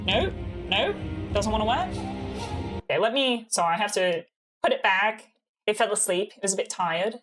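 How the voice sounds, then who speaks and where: A woman's voice: mid-range voice, lively intonation, normal speed, long pauses, fairly bright tone, faint music behind. A young American woman streaming a game and chatting casually with her viewers, giggling often and filling her talk with "like.". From United States. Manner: giggly, bubbly, peppers speech with "like".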